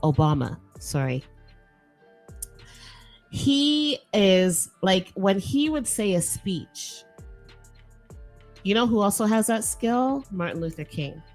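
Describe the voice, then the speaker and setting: A woman's voice: medium pitch, takes it slowly, long pauses, faint music behind. A woman hosting a podcast, talking casually and emphatically, often repeating her words. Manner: animated, emphatic, repeats herself. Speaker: podcast host. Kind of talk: casual solo talk on a livestreamed podcast.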